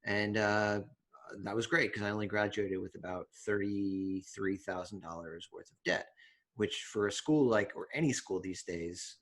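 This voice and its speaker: Low-voiced young man telling stories. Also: normal speed, fairly bright tone. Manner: chatty storyteller with many fillers and restarts. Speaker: podcast co-host. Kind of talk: casual chat.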